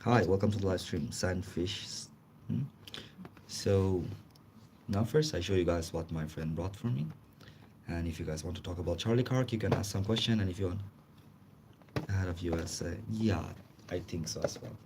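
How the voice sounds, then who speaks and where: Male streamer, lower-pitched voice, casual halting English, chatty and quick to laugh. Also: a little mellow, slight background noise. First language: Chinese. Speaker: livestream host. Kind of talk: casual livestream chat.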